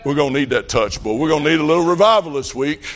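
A man's voice: a little high, lively intonation, fast, a bit bright. A middle-aged man preaching a revival sermon, telling folksy stories that rise to fervent calls.

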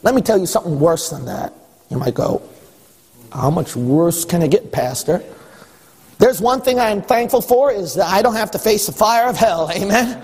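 A man preaching a sermon as pastor, exhorting with wry rhetorical questions and a husky voice. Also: sits high, animated, a little fast, a little mellow. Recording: long hall reverb.

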